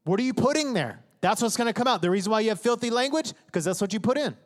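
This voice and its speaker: A man with a high, bright voice preaches from the stage, his words ringing through a reverberant sanctuary. He talks emphatically and conversationally, slipping into the voices and prayers of his congregation. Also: expressive, quick pace. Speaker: pastor. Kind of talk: sermon. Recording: reverberant hall.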